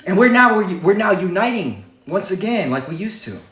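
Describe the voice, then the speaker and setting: Brief: man with a high, fiery voice, preachy livestream monologue, heavy swearing, echoey room. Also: very animated, normal speed, a bit bright. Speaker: livestream host.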